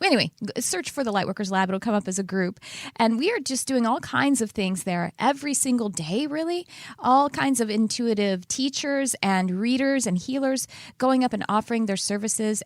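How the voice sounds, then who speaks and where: A woman's voice: mid-range voice, dry recording, studio quality. A woman hosting a spiritual podcast in a casual, chatty way, rambling and often laughing at herself. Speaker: podcast host.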